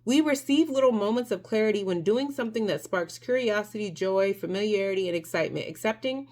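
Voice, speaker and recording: A woman's voice: medium pitch, animated, fairly quick, a little mellow. A woman giving a casual tarot reading to her viewers, chatty and emphatic, with many fillers and restarts. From Mexico. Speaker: tarot reader.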